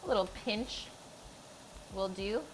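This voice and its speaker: A woman's voice: mid-range voice, slow, a little hiss or hum. A woman hosting a live cooking stream, chatting casually with her viewers as she cooks in a home kitchen. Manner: chatty, talks to chat while cooking. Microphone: streaming mic.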